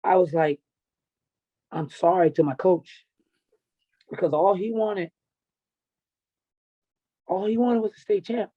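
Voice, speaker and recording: A man's voice: high-pitched, takes it slowly, pauses often, husky, lo-fi sound. Blunt, profane middle-aged man. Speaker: podcast guest, wrestling and MMA coach. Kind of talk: candid personal storytelling.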